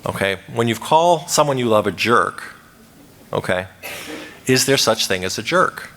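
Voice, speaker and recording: A man giving a lively lecture at a conference, asking the audience questions and acting out quoted lines. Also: fairly low pitch, measured pace, slight background noise. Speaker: conference speaker. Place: conference hall. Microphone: microphone. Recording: reverberant lecture hall.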